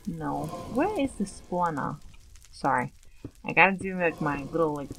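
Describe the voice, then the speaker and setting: Chatty low-voiced woman gaming. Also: big pitch swings, a little slow, gravelly, a bit bright, a little hiss or hum, poor audio. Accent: Long Island put-on at times. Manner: chatty, nervous, self-questioning. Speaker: let's play gamer. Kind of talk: casual gameplay commentary.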